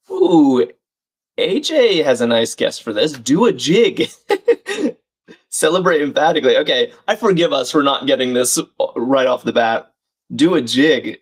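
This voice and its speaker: A man's voice: medium pitch, slightly rough. Man thinking aloud over a crossword. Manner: thinks aloud, reads chat names and clues, friendly asides. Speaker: livestream host. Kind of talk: live crossword solving chat.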